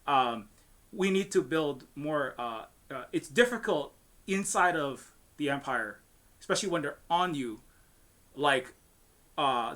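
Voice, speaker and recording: A man's voice: a little high, sharp tone. A man from Hawaii speaking on a panel as a game studio founder, heated and ranting, swearing and restarting his sentences often. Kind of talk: impassioned panel discussion.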